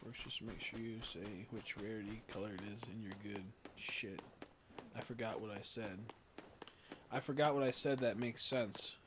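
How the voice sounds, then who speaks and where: A man's voice: lowish voice, fairly even intonation, moderate pace, background noise. A young man streaming a game, chatting casually, rambling, giggling often and swearing freely. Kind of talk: casual livestream chat while gaming.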